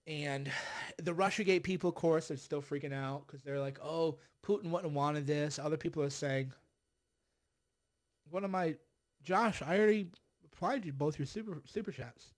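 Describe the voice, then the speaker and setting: Sarcastic man with a high voice. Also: normal speed, long pauses. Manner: sarcastic, mocking, exasperated, with frequent sighs. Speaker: livestream host. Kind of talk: political commentary livestream.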